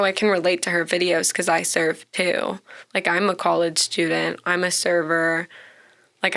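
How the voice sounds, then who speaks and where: A woman's voice: lowish voice, creaky, a bit bright. A young woman in her twenties with a Texan accent, a podcast guest chatting casually and telling stories, full of "like". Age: 20s. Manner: chatty storyteller, heavy use of "like". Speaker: podcast guest, bartender and content creator. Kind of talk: casual interview chat.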